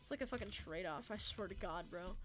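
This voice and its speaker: A young woman of about eighteen streams a game, rambling casually, swearing freely, and answering her chat. Her medium-pitched voice is brisk and a bit bright, with faint music behind it.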